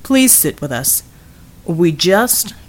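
A woman voicing a calm, formal male recruiter who speaks courteously and gravely. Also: lowish voice, takes it slowly, heavily acted. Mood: pleading. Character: blunt recruiter man, calm and polite.

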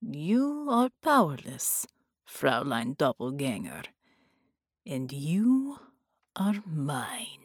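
A woman voicing a menacing male captor who speaks in a slow, hushed, breathy whisper. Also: low voice, wildly swooping pitch, no room sound, studio quality, voice pushed down, exaggerated voice.

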